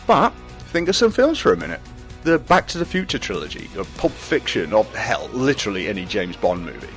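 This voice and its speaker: A man's voice: on the low side, big pitch swings, fairly quick, a bit bright, faint music behind. A man delivering an exasperated, sardonic scripted rant as a podcast presenter. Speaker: segment presenter.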